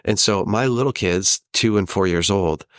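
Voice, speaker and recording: A man in his thirties talking earnestly and in a measured way as a podcast guest, sometimes acting out the voices of people he quotes. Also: sits low, no echo, clean studio sound. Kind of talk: reflective conversational interview.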